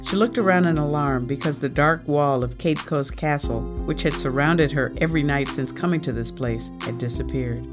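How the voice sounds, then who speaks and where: An audiobook narrator reading a novel chapter in a slow, measured storytelling manner. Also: mid-range voice. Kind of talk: scripted narration. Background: guitar music.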